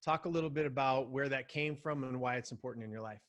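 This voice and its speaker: A male podcast host putting questions to his guest. He speaks softly and hesitantly, with pauses and fillers between phrases. His voice sits at a mid pitch for a man. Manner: soft-spoken, hesitant with fillers. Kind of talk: interview questions.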